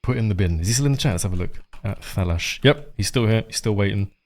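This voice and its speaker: A man with a somewhat low voice talking through a live game stream. He rambles casually, swears often and chats to viewers as he plays. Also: quick pace, darkish tone.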